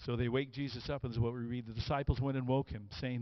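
A man preaching a sermon, moving from quiet, hushed storytelling to loud, emphatic lines, and acting out the quoted voices with dramatic emphasis. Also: medium pitch, little pitch movement, fast, few pauses, no echo, highs cut off. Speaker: pastor.

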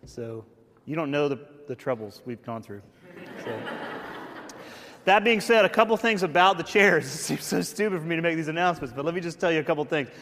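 A man's voice: fairly high pitch, expressive, a little fast, fairly bright tone, big-room sound, slight background noise. A man, the church's pastor, telling a funny story and making announcements in a casual, self-deprecating way. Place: church sanctuary.

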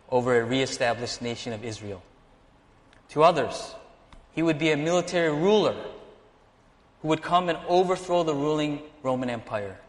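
Man preaching in an echoing hall. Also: medium pitch. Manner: animated preaching, acts out dialogue. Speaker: pastor. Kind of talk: sermon.

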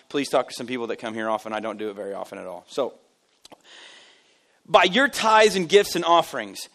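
A man, the lead pastor, giving a casual, joking sermon to his congregation, telling stories and poking fun at himself. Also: mid-range voice. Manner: animated, joking, self-deprecating storyteller. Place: church service.

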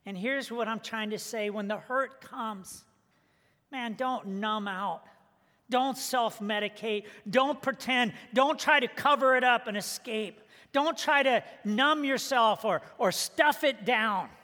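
A male pastor delivers a slow sermon with a prayer and a joke, his high, bright, forceful voice ringing through a church sanctuary with long reverb. He prays softly and in a hush, then tells lively stories where he acts out each character.

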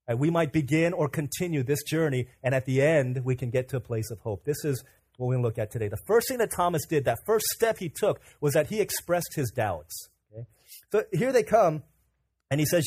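A young man preaching a sermon, animated and casual, who tells stories and acts out the voices of the people in them. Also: a little high, a little fast, husky. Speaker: pastor.

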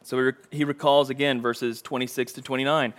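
A man's voice: medium pitch, level tone, fairly quick, a bit bright. A man preaching a sermon in a conversational way, acting out quotes with rising intensity.

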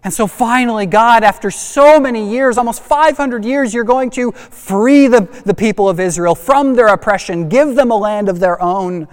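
A male pastor preaching a sermon, asking rhetorical questions and building to animated emphasis, in a church sanctuary. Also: high voice, moderate pace, few pauses, smooth. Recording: long hall reverb.

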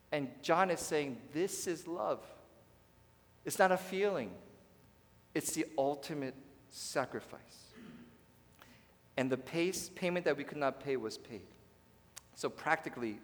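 A pastor preaching a sermon to his congregation, swinging from hushed to loud and addressing the listeners directly. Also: fairly high pitch. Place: church sanctuary. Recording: long reverb of a large hall.

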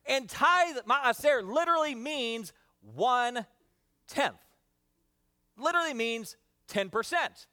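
An energetic man delivers a sermon from the pulpit in a notably high voice. He works the congregation with call-and-response phrases. His delivery stays loose and spoken, with frequent "uh" fillers. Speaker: pastor.

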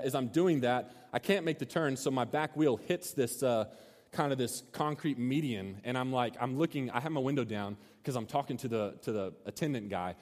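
A man preaching, telling a funny story and acting out the voices, in a large hall. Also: medium pitch. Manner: storytelling, animated, acts out shouts. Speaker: pastor. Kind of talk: sermon with a story. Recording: long hall reverb.

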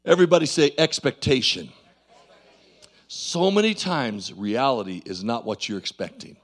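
A male pastor preaching a sermon in a church, swinging from loud calls to low asides and calling for amens. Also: lively intonation, normal speed.

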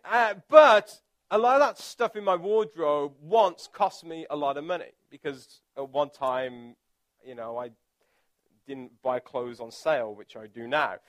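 Speaking a little slowly in a voice on the high side, a pastor delivers a relaxed, conversational sermon. He's chatty and self-deprecating, with filler words and restarts throughout.

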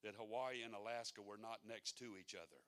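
A man's voice: fairly low pitch, steady tone, fairly quick, fairly bright tone. A man preaching a sermon in a folksy, conversational way that rises to fervent exhortation.

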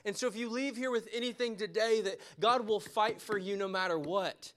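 A man preaching a sermon with passion, repeating phrases for emphasis and going soft and quiet toward the close. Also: sits high, moderate pace. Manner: impassioned, repeats phrases for emphasis, drops to a soft tone near the end.

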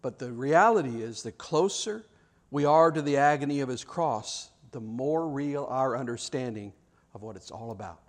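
A man preaching a sermon and telling a story, repeating words as he goes, dropping to hushed low passages and rising to loud shouted peaks. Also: expressive, moderate pace, big-room sound. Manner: repeats words and restarts often.

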